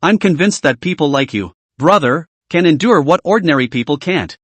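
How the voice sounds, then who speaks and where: A man's voice: a little high, animated, fairly quick, fairly bright tone, dry recording. A man voicing a blunt, talkative middle-aged male taxi driver in a read-aloud story, with a rambling, skeptical manner. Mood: teasing. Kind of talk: scripted story narration.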